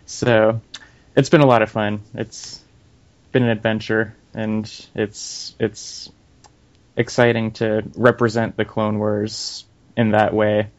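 Male guest, low and flat delivery, relaxed, dull audio. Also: takes it slowly. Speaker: guest from a media company. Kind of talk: casual podcast talk.

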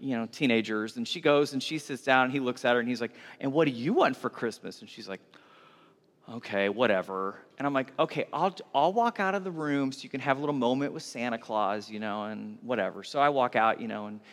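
A middle-aged pastor, telling a rambling story from the stage in a chatty way. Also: male voice, mid-range voice, quick pace, hardly any pauses, a bit bright. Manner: chatty, rambling anecdotes with restarts. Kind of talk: conversational sermon storytelling. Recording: reverberant hall.

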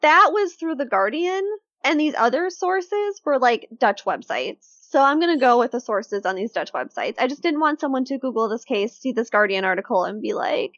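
A woman co-hosting a casual true-crime podcast, telling the case in a chatty, animated way with lots of fillers. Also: high-pitched, normal speed, few pauses, no echo, highs cut off.

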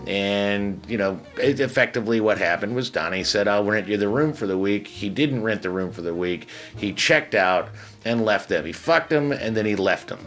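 A man's voice: lowish voice, expressive, normal speed, a bit bright, soft background music. A man from Chicago, a casino hotel security manager, telling a story bluntly and profanely, with frequent restarts. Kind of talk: casual storytelling.

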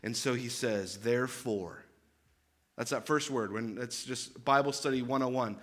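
A man's voice: medium pitch, a little slow. A man in his thirties preaching a sermon, earnest and emphatic, with conversational asides and repeated phrases. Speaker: pastor.

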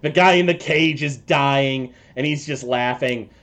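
A man narrating a tabletop session as game master, stopping and restarting often, thinking aloud as he describes the scene. His voice sits at an ordinary middle pitch. He talks casually and unscripted. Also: a bit bright. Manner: halting, many fillers and restarts.

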